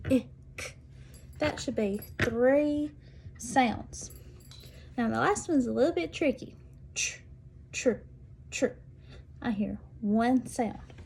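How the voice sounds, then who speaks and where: A woman teacher demonstrating literacy activities, speaking clearly and deliberately and sounding out word parts slowly. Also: a little high, dark tone, slight background noise. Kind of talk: instructional demonstration.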